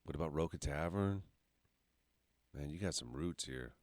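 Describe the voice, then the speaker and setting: Deep-voiced teasing man, morning host. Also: normal speed, no echo. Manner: teasing, joking. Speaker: radio morning show host. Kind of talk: casual banter.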